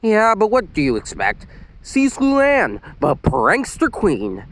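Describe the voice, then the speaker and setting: A man's voice: high voice, wildly swooping pitch, slow pace, a little hiss or hum, pitched above the performer's own voice, full character voice, rough recording. A man doing a laid-back teen girl. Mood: resigned.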